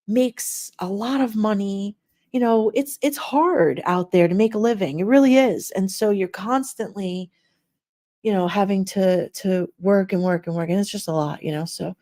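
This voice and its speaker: A middle-aged woman hosts a casual live stream, talking straight to her chat viewers. She rambles through everyday stories, laughs often, and acts out the people in them. Her voice is warm and mellow. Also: medium pitch, unhurried.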